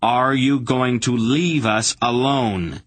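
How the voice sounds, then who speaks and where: A man's voice: low voice, steady tone, slow pace, vocal fry, husky, no room sound, exaggerated voice. A man doing a coldly menacing young sorcerer. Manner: menacing, quietly commanding.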